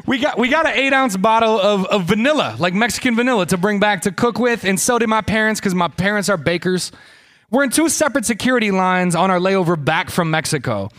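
A man with a rather high voice tells a long comic story on a live podcast stage. He rambles and restarts, swearing freely and mocking himself along the way. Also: animated, brisk, fairly bright tone.

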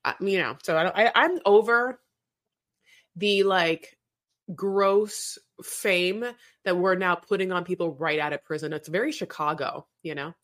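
A woman's voice: on the low side, unhurried, fairly bright tone. A woman co-hosting a podcast, chatting casually and animatedly, rambling and slipping into playful quoted voices. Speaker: podcast co-host. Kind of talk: casual chat recapping a reality show.

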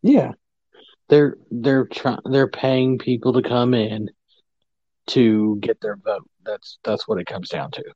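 A man's voice: medium pitch, fairly even intonation, takes it slowly, mellow, dry recording. A man in casual conversation, mostly agreeing in short replies, recorded on a dull, lo-fi microphone. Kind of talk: casual chat. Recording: dull, lo-fi dry mic.

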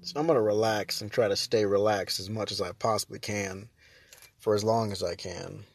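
A man's voice: fairly low pitch, fairly even intonation, normal speed, vocal fry, slightly rough. A man hosting his own podcast, chatting casually and rambling, breaking off mid-sentence and laughing often. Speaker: podcast host. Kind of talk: casual solo podcast chat.

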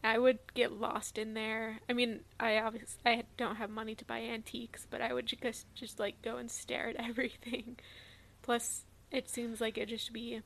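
A woman co-hosting a podcast in casual chat, rambling with filler likes and soft asides. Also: on the high side, level tone, normal speed, vocal fry. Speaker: podcast co-host.

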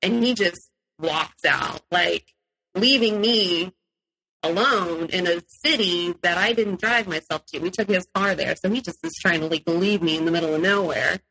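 Bright-voiced woman telling her story. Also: lowish voice, moderate pace, creaky, husky, low-quality recording. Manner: animated, acts out quotes, laughs often. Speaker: interview guest. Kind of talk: personal storytelling in an interview.

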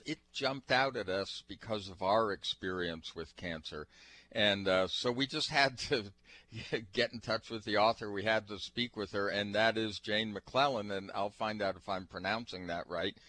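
Radio cohost guy, easygoing with lots of uhs, low-ish bright voice. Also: a little slow, rough recording. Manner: relaxed, with frequent fillers. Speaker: radio co-host. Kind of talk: radio talk show.

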